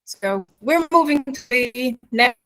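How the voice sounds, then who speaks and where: A woman gives an online pronunciation lesson, repeating words slowly and encouraging her students. Her voice sits a little high. The sound is dry and close. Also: animated, a bit bright, no echo, poor audio. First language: Arabic. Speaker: accent teacher.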